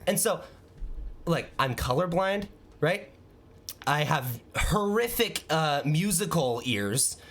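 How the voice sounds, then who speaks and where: A man hosting a podcast, telling an animated, self-mocking story in casual chat. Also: fairly high pitch, slow pace. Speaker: podcast host.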